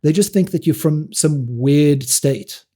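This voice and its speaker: Man, South African, middle-aged, podcast guest, animated storytelling, husky, dark tone. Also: fairly high pitch, measured pace. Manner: animated anecdotes with frequent restarts and laughs. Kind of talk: casual interview storytelling.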